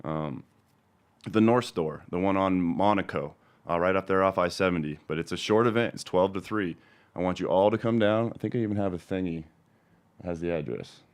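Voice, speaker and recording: A middle-aged man with a fairly low voice hosts a cannabis seed show in a loose, off-the-cuff way. He swears freely and moves between heated complaint and relaxed, friendly chat with viewers. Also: a little fast. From Denver, Colorado. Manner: profane, angry ranting that turns calm and chatty. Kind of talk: casual ranting livestream talk.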